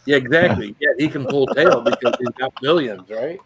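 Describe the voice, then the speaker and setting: A man's voice: medium pitch, lively intonation, a little fast, crowd noise, poor audio. A man chatting casually with friends, rambling with many fillers. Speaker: chat guest. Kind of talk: casual chat.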